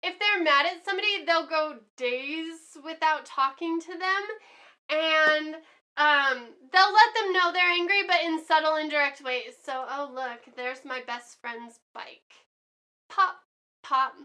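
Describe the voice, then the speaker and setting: High, bright-voiced woman teaching a lesson. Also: measured pace. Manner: chatty, acts out examples, many fillers. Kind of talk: classroom lesson.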